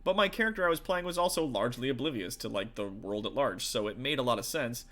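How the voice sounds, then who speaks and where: A man's voice: mid-range voice, lively intonation, quick pace, a bit bright. A man, a tabletop game master and streamer, chatting casually with viewers in a rambling, profane way full of fillers.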